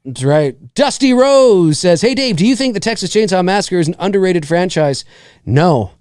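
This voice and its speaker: A man's voice: sits high, expressive, normal speed, a little mellow, smooth, dry recording, studio quality. A man hosting a live movie commentary podcast, reading viewer questions aloud in a casual, laughing way. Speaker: podcast host.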